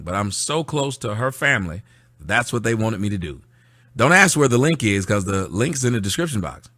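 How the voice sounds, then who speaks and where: A man's voice: fairly low pitch, pushed and bright, no echo. A man hosting a casual livestream, reading viewer comments aloud and answering them in a sarcastic, mocking way. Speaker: livestream host. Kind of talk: casual livestream rant to chat.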